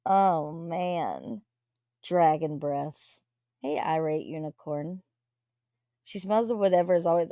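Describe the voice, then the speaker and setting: Slow-talking chatty woman livestreamer. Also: sits low, expressive, warm tone, no room sound, highs cut off. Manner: chatty, gossipy, greets viewers, swears and laughs. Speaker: livestream host. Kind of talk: casual live chat.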